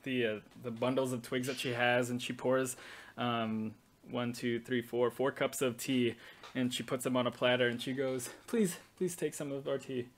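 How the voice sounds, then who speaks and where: Relaxed game master narrating with many pauses. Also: mid-range voice. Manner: relaxed, hesitant narration full of fillers.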